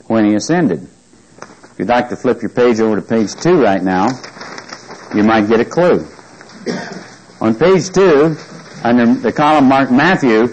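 In a low-quality recording, a man with a mid-range voice leads a Bible study. He reads scripture aloud with emphasis, frequently asks his listeners questions, and keeps checking that they're following along.

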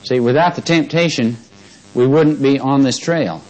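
A man preaching in an easy, conversational way that swells into emphatic, stretched-out stresses. He chuckles often. His voice sits at a middling pitch for a man. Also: moderate pace, darkish tone, soft background music, rough recording. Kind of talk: sermon.

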